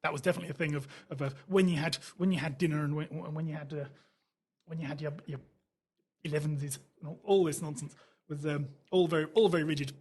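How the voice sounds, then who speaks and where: A man from England chatting casually on a podcast, animated and tripping over restarts. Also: on the high side, fast, slightly rough.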